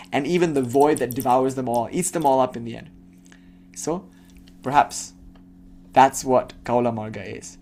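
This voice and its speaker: A man's voice: mid-range voice, darkish tone. A man giving a devotional talk as a spiritual teacher, turning into a blunt, impassioned rant that swears freely and mocks the people he imagines asking him questions.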